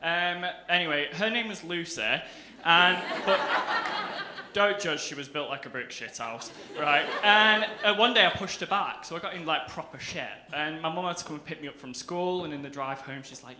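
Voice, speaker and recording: On a club stage, a young comedian with a Northern English accent mocks himself in a chatty way, cracking up and performing quotes. His voice is a little high, pushed and bright, with lively intonation at normal speed. Faint hiss and a roomy sound mark the recording.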